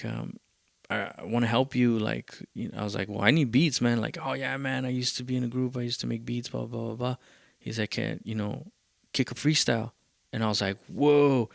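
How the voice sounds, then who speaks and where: A man's voice: medium pitch, gravelly, no echo, clean studio sound. A man hosting a podcast, telling a rambling, profane story in a casual way and quoting people along the way. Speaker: podcast host.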